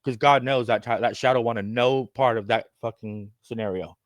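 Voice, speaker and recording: A man's voice: mid-range voice, steady tone, normal speed, no echo. Profane rambling man, dry close sound. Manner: profane, rambling, conspiratorial, swings between loud and muttered. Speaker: self-styled candidate addressing viewers. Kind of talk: ranting monologue.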